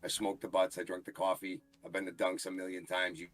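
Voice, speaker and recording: A man's voice: deep voice, completely flat delivery, brisk, soft background music. A blunt, brash man in his forties with a Boston accent, chatting casually as a podcast guest. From Boston, USA. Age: 40s. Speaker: guest, wrestling referee. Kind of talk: casual chat.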